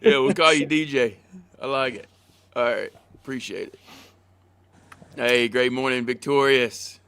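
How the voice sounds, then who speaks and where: Louisiana guy hosting, says hi to chat by name, jokey, middle pitch voice. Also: a little slow, background noise. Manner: friendly, greets chat viewers by name, jokes. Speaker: podcast host. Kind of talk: casual chat.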